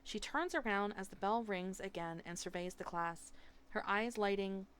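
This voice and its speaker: Woman streamer, audiobook-style narration, expressive, mid-range voice. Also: medium pitch, normal speed, a little hiss or hum. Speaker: streamer reading a novel aloud. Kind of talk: live audiobook reading. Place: home streaming setup.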